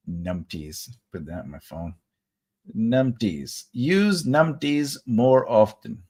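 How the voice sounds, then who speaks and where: A man's voice: medium pitch, expressive, drawn-out words, long pauses, a little mellow, breathy edge. A man hosting a live writing class, chatting with viewers in a jokey, rambling way and laughing often. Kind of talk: live-stream chat reading comments.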